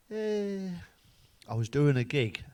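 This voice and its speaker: A man's voice: a little high, smooth, no echo. A man telling crude jokes straight to camera, swearing freely and laughing at his own punchlines. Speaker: comedian.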